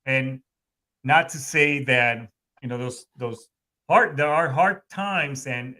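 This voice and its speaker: A man's voice: medium pitch, slow pace, bright, forceful tone. A man in casual podcast chat, rambling with frequent restarts and blunt profanity.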